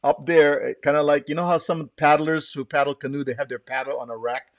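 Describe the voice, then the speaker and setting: A man's voice: fairly high pitch, fairly even intonation, brisk, no room sound. A man from Hawaii hosting a live online show, chatting with his guest and greeting viewers by name in a friendly way. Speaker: host. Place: Southern California.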